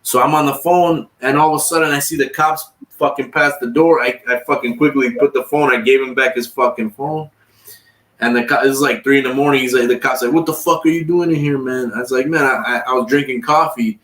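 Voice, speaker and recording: A man with a fairly bright, steady, medium-pitched voice speaks briskly as he spins long, rambling, foul-mouthed stories on a livestream, imitating other people's lines. It's casual storytelling captured in an echoey room, far from the microphone.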